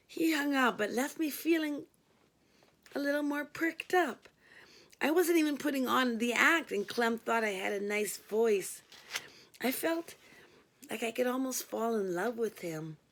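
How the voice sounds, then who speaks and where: A woman reading a first-person story aloud, weary and wry. Her slow delivery has a gravelly, creaky edge and sits somewhat high. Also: fairly bright tone. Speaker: audiobook reader.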